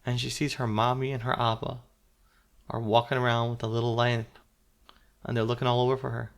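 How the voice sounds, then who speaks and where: A man telling a simple story to a small child, stopping to ask questions and explain words gently. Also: mid-range voice, flat delivery, fairly quick. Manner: interactive, asks the listening child questions.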